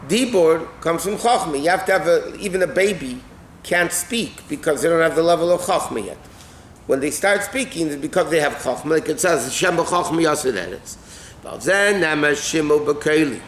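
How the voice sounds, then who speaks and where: A rabbi with a somewhat high voice leads a class, translating and explaining each phrase in turn and checking in with "okay?" along the way. He sounds like he is in a roomy, echoing classroom, with faint background noise under the talk. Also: expressive, moderate pace, fairly bright tone. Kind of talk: text-based Torah class. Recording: echoey room with faint ambient noise.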